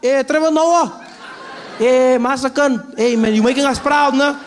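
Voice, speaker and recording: Man doing a loud pleading South African bro. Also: very high-pitched, fairly even intonation, a little slow, some chatter behind, a little hiss or hum, voice pushed up.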